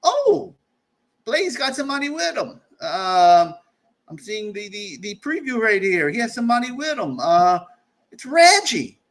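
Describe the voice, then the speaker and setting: A man's voice: very high-pitched, big pitch swings, a little slow, a bit bright. A man hosting a casual live stream from home during a storm, jokey and chuckling, with rambling asides. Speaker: livestream host.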